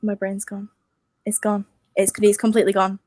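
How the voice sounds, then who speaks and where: A young woman guest on a casual podcast, animated and sometimes losing her train of thought. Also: mid-range voice, normal speed, a little hiss or hum. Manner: animated, trails off searching for words. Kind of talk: casual chat.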